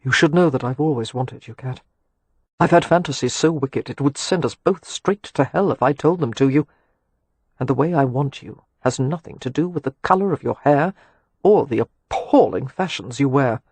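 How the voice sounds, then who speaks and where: Husky teasing gentleman, read by a man. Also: normal speed, dry recording. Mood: ardent. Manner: wry, teasing, low and intimate. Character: teasing, ardent gentleman, wry and seductive. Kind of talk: audiobook dialogue.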